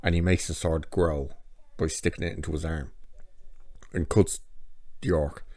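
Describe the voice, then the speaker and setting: A man's voice: a bass voice, steady tone, a little slow, dark tone, no echo. A man reviewing a TV episode in a casual, chatty recap, sarcastic and profane as he tells the plot.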